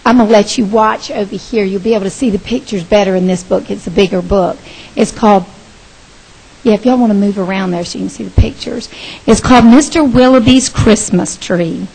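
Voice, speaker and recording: A woman leading children's time at church, reading a picture book aloud in a gentle, expressive storyteller's way. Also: medium pitch, fairly quick, creaky, slightly rough, rough recording. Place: church sanctuary.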